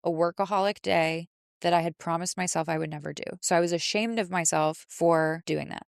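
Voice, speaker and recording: Smooth-voiced woman sharing a personal story. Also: on the low side, steady tone, a little fast, dry recording, clean studio sound. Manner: candid, emotional, many restarts. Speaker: podcast host.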